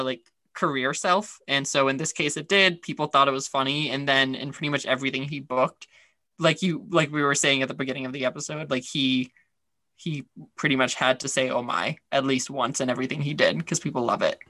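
A man's voice: medium pitch, fairly even intonation, moderate pace, sharp tone, no room sound, studio quality. A man co-hosting a podcast, chatting casually with lots of fillers and restarts. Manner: chatty, rambling, many fillers. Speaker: podcast co-host. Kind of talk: casual chat.

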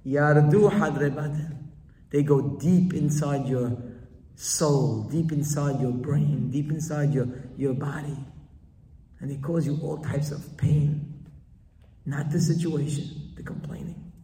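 A man giving a Torah lecture, repeating key phrases emphatically and rising in pitch for stress. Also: slow, warm tone, a little hiss or hum. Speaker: Torah teacher. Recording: roomy hall, voice from a distance.

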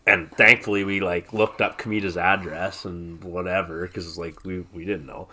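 A man's voice: sits low, flat delivery, normal speed, few pauses, pushed and bright. A man in his thirties, a podcast guest, telling a long rambling story in casual chat and swearing freely. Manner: rambling, heavy swearing, laughs through the story.

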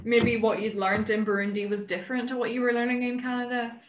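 A woman's voice: fairly high pitch, monotone, fast, noisy background. A woman hosting a podcast, asking questions in a friendly, encouraging way. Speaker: podcast host. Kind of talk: casual interview chat. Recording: roomy echo.

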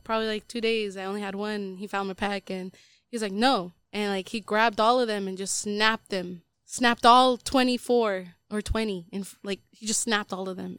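Woman podcast co-host, candid rambling chat, clear smooth voice, dry sound. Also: mid-range voice, fairly bright tone, no echo. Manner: rambling, filler-heavy storytelling. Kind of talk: casual confessional chat.

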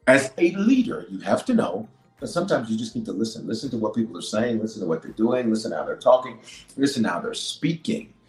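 A man, a bishop, preaching a leadership sermon. He repeats key lines for emphasis and swings from loud declarations to hushed asides. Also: fairly low pitch, sing-song, fast talker. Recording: roomy echo with faint music.

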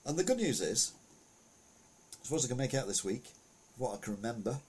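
A man's voice: medium pitch, sing-song, brisk, a little mellow, slightly rough. A man giving a casual, rambling commentary on the week's news, full of anecdotes and asides.

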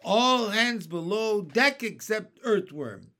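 A man's voice: on the high side, very animated, slow pace, heavily acted. A man voicing a brave young boy in a storybook, commanding and reassuring.

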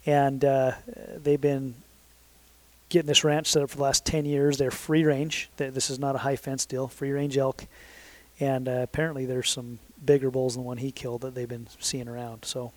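A man's voice: mid-range voice, flat delivery, normal speed. A man in his thirties telling a long story in a casual, rambling way, correcting himself often and leaning on fillers. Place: southern Utah.

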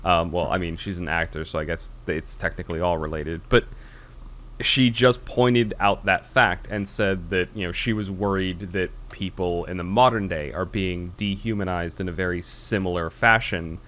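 American guy hosting a podcast, lowish voice, rambly and casual, lots of ums. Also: fairly even intonation, normal speed, fairly bright tone. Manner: rambling, with many fillers and restarts. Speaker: podcast host. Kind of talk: casual chat.

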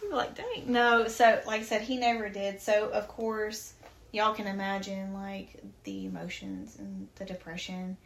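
A woman speaks at an ordinary middle pitch, recounting a personal story in a chatty, earnest way. She leans on fillers and returns often to her faith. The room around her is echoey. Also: unhurried, a little hiss or hum. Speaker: podcast guest.

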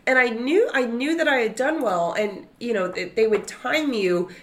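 A woman in her twenties co-hosting a podcast, telling stories in an animated, wry way. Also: fairly high pitch, normal speed, noisy background. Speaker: podcast co-host. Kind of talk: casual storytelling chat.

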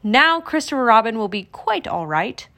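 Woman reading as Pooh, a gentle simple bear. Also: a little high, sing-song, normal speed, full character voice.

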